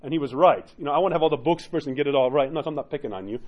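Fast-talking animated priest, lo-fi. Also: male voice, on the high side. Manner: animated, joking, acts out quoted voices. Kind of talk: conversational teaching talk. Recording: dull lo-fi recording.

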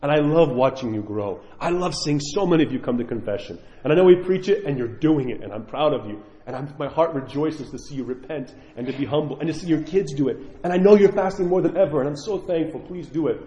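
Earnest priest preaching in an echoey church. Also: male voice, on the high side, expressive, fast, few pauses. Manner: earnest, pleading, swings between loud emphasis and soft asides. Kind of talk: sermon. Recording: echoey church hall, dull sound.

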